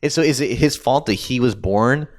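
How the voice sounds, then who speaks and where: A man's voice: mid-range voice, moderate pace. A man co-hosting a casual podcast, arguing his opinions in a rambling way, full of ums and you-knows. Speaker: podcast co-host. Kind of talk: casual debate chat.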